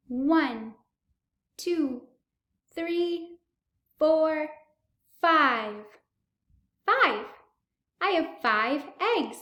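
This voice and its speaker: A young woman leads a children's speech therapy lesson with a high, bright voice. She speaks very slowly, drawing out each word with exaggerated, excited gasps. The sound bounces around an echoey room.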